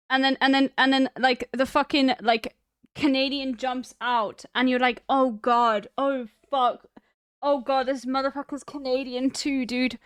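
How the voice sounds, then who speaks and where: A woman's voice: fairly high pitch, a bit bright, clean tone, no echo, clean studio sound. A young South African woman with a South African accent, chatting casually and profanely on her stream. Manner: profane, rambling, laughing asides.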